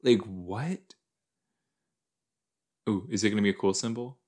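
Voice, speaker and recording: A man's voice: lowish voice, a little slow, a little mellow. A man hosting a podcast, chatting casually and thinking aloud with a rambling, joking manner into a desk microphone. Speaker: podcast host. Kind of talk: casual rewatch commentary. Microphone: desk microphone with a cord.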